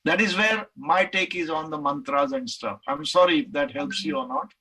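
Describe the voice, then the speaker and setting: A middle-aged man from India with an Indian English accent, giving a lecture and answering questions, animated and acting out the voices he quotes. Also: fairly high pitch, normal speed, slightly rough, low-quality recording.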